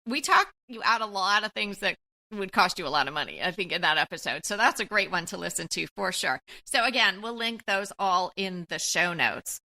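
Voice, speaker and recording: A woman's voice: mid-range voice, lively intonation, a little fast, pushed and bright. A woman co-hosting a decorating podcast, chatting casually, enthusiastic and grateful to her listeners. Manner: enthusiastic, grateful, laughs easily. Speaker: podcast co-host. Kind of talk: casual chat.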